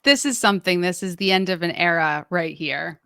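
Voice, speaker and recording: A woman in her thirties chats as a guest on a podcast. She sounds easygoing and laughs now and then. Her voice is bright, smooth and crisp, and it is recorded dry and close. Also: fairly low pitch, fairly quick, dry recording. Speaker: guest entrepreneur. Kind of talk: casual interview chat.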